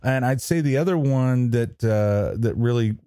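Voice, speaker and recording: A man's voice: medium pitch, unhurried, dark tone, dry recording, clean studio sound. A man co-hosting a podcast, talking casually with a rambling, hesitant manner full of fillers and restarts. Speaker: podcast co-host. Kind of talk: casual chat.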